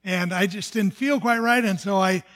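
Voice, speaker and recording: A man's voice: high voice, normal speed, fairly bright tone. An older man from the United States, a pastor, telling a personal testimony in an earnest storytelling sermon, often restarting his sentences.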